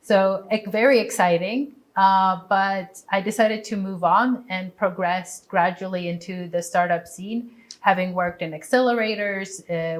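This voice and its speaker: A woman in her thirties from Poland, a startup community founder speaking in a measured, fluent way in an interview. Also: lowish voice. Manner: measured, fluent with occasional fillers. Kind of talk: conversational interview.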